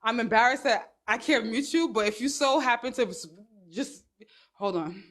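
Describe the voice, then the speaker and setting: A woman hosts a live stream from her phone, chatting straight to her viewers. Her voice sits a little on the high side, and her talk is sassy and full of slang. She rambles from one point to the next. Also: moderate pace, fairly bright tone. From Brooklyn, New York. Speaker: livestream host.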